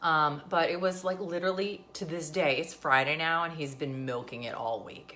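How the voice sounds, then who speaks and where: A woman's voice: low voice, animated, fast, few pauses, bright, forceful tone. A woman, talking casually and sarcastically to camera as a vlogger. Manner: chatty, sarcastic, venting.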